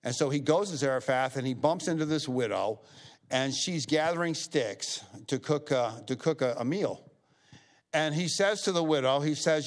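A man's voice: a little high, moderate pace. A middle-aged man speaks from the front of a church as pastor. He is folksy and loose, repeats himself, and grows livelier when he retells a scripture story. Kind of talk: church service announcements and offering talk. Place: church sanctuary.

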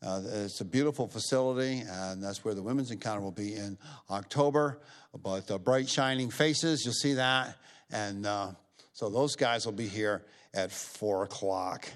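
A man's voice: on the low side, normal speed. A middle-aged man speaks from the front of a church as pastor. He is folksy and loose, repeats himself, and grows livelier when he retells a scripture story. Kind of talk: church service announcements and offering talk. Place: church sanctuary.

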